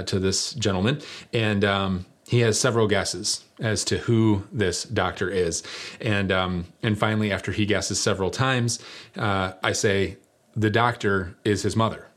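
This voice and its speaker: A man's voice: fairly low pitch, fairly even intonation, measured pace. A middle-aged man preaching a sermon, telling a story in a conversational, self-deprecating way.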